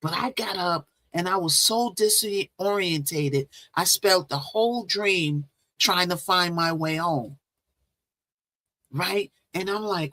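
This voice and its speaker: A woman's voice: on the low side, slow pace, fairly bright tone, no echo. A woman hosting her own livestream, telling a long dream story in a rambling, chatty way and greeting viewers as she goes. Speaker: livestream host. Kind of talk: casual live-stream storytelling. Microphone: phone or laptop with Bluetooth.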